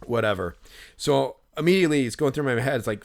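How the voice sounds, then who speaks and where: A podcast co-host with a medium-pitched, fairly quick voice tells a long, casual story. He rambles with lots of fillers and profanity, growing animated as he retells his inner monologue.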